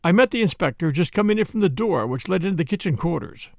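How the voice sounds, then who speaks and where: A man narrating a novel as an audiobook reader, steady and expressive. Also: sits high, fast talker, music in the background.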